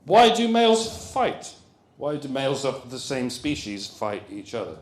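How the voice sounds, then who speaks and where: A man giving a comic lecture at a conference, animated and jokey with rambling asides. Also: medium pitch, measured pace. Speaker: comedian giving a conference talk. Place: conference hall. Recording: roomy hall echo.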